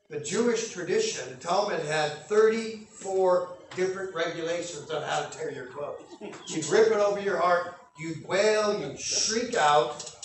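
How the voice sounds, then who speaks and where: A man preaching a sermon that teaches from scripture, animated and acting out scenes with loud bursts. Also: high voice, slight background noise. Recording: echoey room, speaker far from mic.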